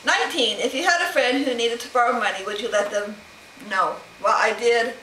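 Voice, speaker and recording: Answering a question tag from home, this middle-aged woman rambles and laughs as she talks casually to the camera. She speaks fairly quickly on the high side, her tone pushed and bright. It's a low-quality recording, reverberant, with slight background noise.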